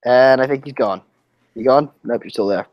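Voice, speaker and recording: The young co-host talks wrestling matches on a casual podcast, laughing frequently and swearing openly. His medium-pitched voice moves at a moderate pace, with no echo but a muffled recording.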